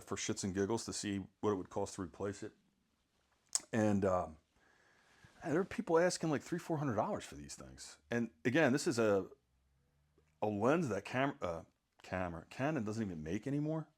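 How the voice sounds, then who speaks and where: A middle-aged man rambling casually through a photography gear vlog, joking at his own expense and often clearing his throat. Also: mid-range voice, a little mellow. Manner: rambling, self-mocking, frequent throat clearing. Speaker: sports photographer.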